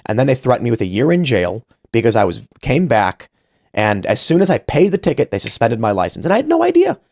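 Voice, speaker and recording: A man's voice: fairly low pitch, big pitch swings, a little fast, darkish tone, no room sound, clean studio sound. A man in his thirties hosting a podcast, telling a story casually and animatedly, acting out the voices he quotes. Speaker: podcast host.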